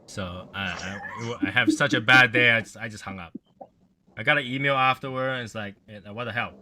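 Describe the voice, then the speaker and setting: A man's voice: mid-range voice, brisk, a crowd in the background. A man hosting a casual livestream chat, rambling in a gloomy, offhand way and swearing now and then. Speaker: livestream host.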